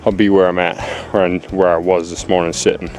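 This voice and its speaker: Low-pitched and a little mellow, the man's flat, brisk delivery comes over faint music. He's a hunter vlogging outdoors in a forest clear cut, breathless and anxious, rambling to a close-held handheld camera with many fillers.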